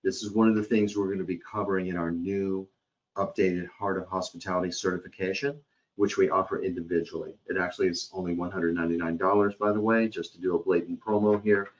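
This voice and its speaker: Guy w a lowish voice running a hospitality training webcast, chatty, keeps saying okay, kinda dull lo-fi sound. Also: steady tone, fast. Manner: conversational, checks in with "okay?". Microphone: computer or headset mic on a webcast.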